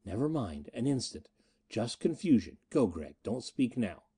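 A man voicing a young woman conspirator who speaks in a hushed, urgent whisper in an audiobook. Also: medium pitch, sing-song, unhurried, breathy edge, full character voice.

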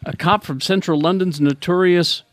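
A man's voice: high-pitched, fairly even intonation, normal speed, no room sound. A man hosting a podcast, reading out news items between jokes. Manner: reads news items aloud, joking. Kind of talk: casual chat.

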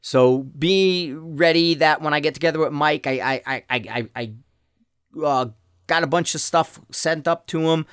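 A man's voice: fairly high pitch, moderate pace, fairly bright tone, clean tone, no echo, clean studio sound. A man hosting a casual solo podcast, rambling and joking with lots of stammered restarts. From Denver area, USA. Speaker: podcast host. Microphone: podcast mic.

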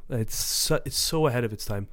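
A man's voice: medium pitch, normal speed, a bit bright. A young man in casual podcast chat, telling stories animatedly and swearing casually.

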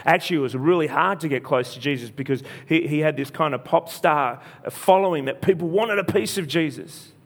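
A man's voice: on the high side, brisk, hardly any pauses. A man preacher retelling a story in a sermon, speaking earnestly, repeating phrases and restarting often. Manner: earnest, repetitive, frequent restarts.

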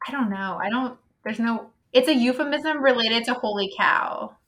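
A woman's voice: fairly high pitch, moderate pace, a bit bright. A woman co-hosting a podcast in a casual chat, tossing in wry asides and wordplay. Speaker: podcast co-host. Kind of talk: casual chat recapping a book.

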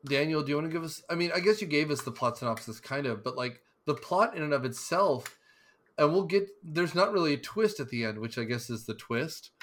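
A man's voice: fairly high pitch, expressive, fairly quick, a bit bright. A man co-hosting a podcast in casual chat, rambling and joking with digressions. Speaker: podcast co-host.

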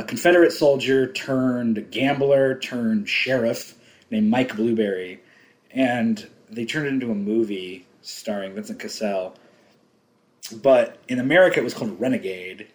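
A man chatting loosely while watching a film, telling long rambling stories. He laughs a lot and swears casually, easy and unhurried. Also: fairly low pitch. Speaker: podcast co-host. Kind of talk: casual movie commentary chat.

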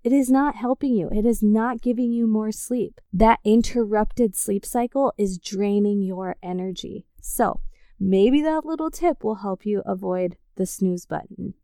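A woman's voice: mid-range voice, unhurried, mellow, dry recording, studio quality. A woman hosting a solo podcast, talking casually and encouragingly straight to her listeners. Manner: upbeat, encouraging, speaks directly to listeners. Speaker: podcast host.

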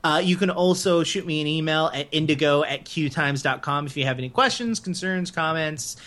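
A podcast co-host in casual gaming chat, speaking at a middling pitch. The talk is opinionated and long-winded, full of "uh" and restarts. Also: brisk, a bit bright. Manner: opinionated, explains at length with fillers.

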